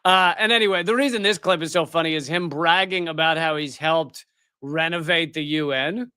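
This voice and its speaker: High, bright-voiced ranting male commentator. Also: normal speed, smooth, dry recording, studio quality. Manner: sarcastic, heated, mocking. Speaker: political commentary host. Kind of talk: live commentary rant on news clips.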